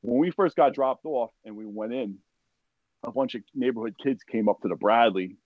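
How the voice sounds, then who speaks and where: A man's voice: mid-range voice, moderate pace, no room sound. A man, a podcast guest and army veteran, tells a war story in casual, profane language, acting out what others said and leaning on "like" and "you know". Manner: profane, animated retelling with acted-out quotes; heavy use of "like" and "you know". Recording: dull, dry podcast audio.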